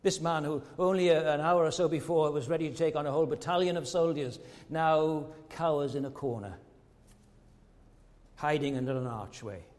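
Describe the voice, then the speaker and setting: An earnest male preacher delivering a sermon in a fairly high voice, leaning on rhetorical questions and stumbling over repeated words. His voice carries a long reverb from a big church hall. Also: fairly even intonation, normal speed, darkish tone.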